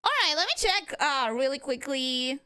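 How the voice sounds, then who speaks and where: Bright, high woman streamer, animated and excitable, casual and swears freely. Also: moderate pace. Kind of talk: casual game livestream commentary.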